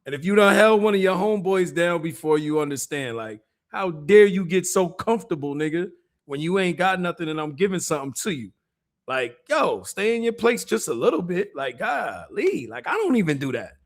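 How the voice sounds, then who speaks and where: A man's voice: sits high, big pitch swings, brisk. A man hosting a stream, giving laid-back, amused streetwise commentary. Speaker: livestream host. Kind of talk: casual commentary chat.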